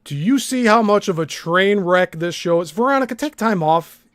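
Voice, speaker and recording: A man's voice: high-pitched, lively intonation, normal speed, a bit bright. A man hosting a reaction commentary, talking in a sarcastic, blunt way and swearing freely. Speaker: host.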